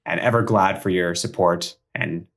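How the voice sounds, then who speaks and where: A man's voice: deep voice, normal speed, vocal fry, a bit bright. A man co-hosting a podcast in casual chat, dry and teasing with a mock-formal touch. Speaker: podcast co-host.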